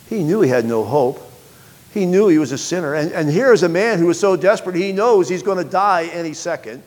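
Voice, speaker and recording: A man preaching a sermon, reading scripture aloud with sharp swings between loud, high bursts and quiet, low passages. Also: expressive, normal speed, long reverb tail. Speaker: pastor.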